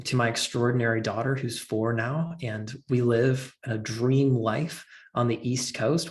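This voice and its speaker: A man's voice: mid-range voice, vocal fry. A man telling a personal story as a podcast guest, earnest and filling his talk with "like". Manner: earnest, heavy use of "like".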